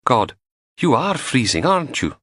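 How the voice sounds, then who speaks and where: A man voicing a brisk, teasing young woman at home with her partner in an audiobook. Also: mid-range voice, big pitch swings, a bit bright, breathy edge, no echo, clean studio sound, pitched above the performer's own voice.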